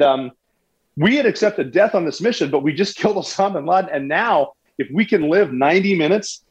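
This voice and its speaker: Husky man, animated conversational storytelling, lo-fi audio. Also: fairly high pitch. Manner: animated, with restarts and sports analogies. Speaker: guest recounting a military raid.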